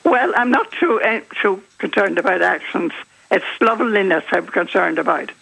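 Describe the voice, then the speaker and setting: A woman's voice: medium pitch, moderate pace, gravelly, a bit bright, slightly rough. An older woman from Northern Ireland with a Northern Irish accent, phoning in to a radio talk show, indignant and emphatic. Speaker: caller. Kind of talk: radio phone-in. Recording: phone line.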